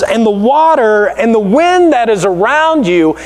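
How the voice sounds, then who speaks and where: A male pastor preaching a sermon in a church, telling stories in a conversational, animated way. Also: extremely high pitch, a little slow, few pauses. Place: church sanctuary. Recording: echoey church hall.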